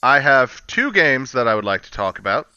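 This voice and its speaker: Bright, lively man on a dull mic. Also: mid-range voice, normal speed, smooth, no echo. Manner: animated, enthusiastic, casual swearing. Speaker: podcast co-host. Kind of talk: casual gaming chat.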